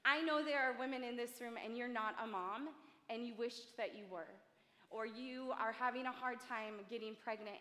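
A woman in her forties preaches in a large church hall, talking in a chatty, earnest way that pokes fun at herself. Her voice sits a little high and sounds bright. A long reverb trails each phrase. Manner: chatty, self-deprecating, earnest. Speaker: church speaker. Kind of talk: sermon.

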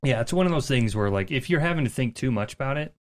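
A man's voice: mid-range voice, lively intonation, fast talker. A man co-hosting a movie podcast in casual chat, rambling with restarts. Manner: rambling, many restarts and fillers. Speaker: podcast co-host.

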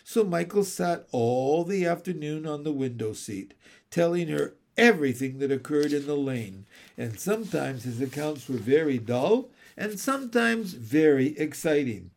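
Slow, measured male storyteller. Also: on the high side, very animated, creaky, darkish tone. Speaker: audiobook narrator. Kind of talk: storybook reading.

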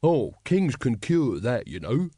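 A man's voice: medium pitch, very animated, moderate pace, dry recording, studio quality. A male narrator voicing a pompous middle-aged man who lectures knowingly about kings. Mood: lecturing. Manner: ponderous and lecturing. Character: pompous middle-aged man, a self-appointed royalty expert.

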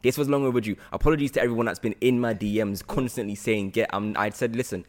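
A man hosting a casual interview, relaxed, chatty and quick to laugh. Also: lowish voice. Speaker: podcast host.

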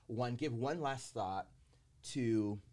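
A man hosting a podcast, encouraging and affirming, asking his guest questions in a relaxed chat. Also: mid-range voice, slow pace. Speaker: podcast host. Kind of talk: casual podcast conversation.

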